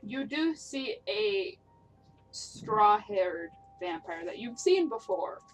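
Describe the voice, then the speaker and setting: A woman's voice: medium pitch, sing-song, takes it slowly, soft background music. A woman narrating as game master of a tabletop game, describing scenes and laughing along with her players.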